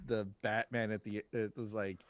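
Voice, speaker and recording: A man's voice: fairly low pitch, little pitch movement, moderate pace, no echo. Man, podcast co-host, casual movie chat, dry recording, talks in restarts. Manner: chatty, repeats words when starting sentences.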